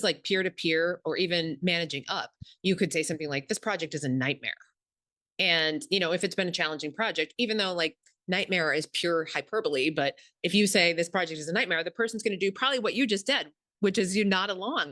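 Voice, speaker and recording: A woman guest talking through workplace advice in a low-leaning voice, animated as she acts out little exchanges. The sound is dry and close, with no room around it. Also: dry recording. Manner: animated, acts out example dialogue. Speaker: communication expert guest. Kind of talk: explanatory interview talk.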